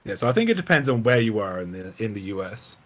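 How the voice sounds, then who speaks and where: A man's voice: fairly low pitch, fast talker. A man hosting a casual stream, chatting while he paints miniatures, laughing a lot and swearing freely as he tells stories. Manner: laughs often, swears freely, animated storyteller. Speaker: stream host.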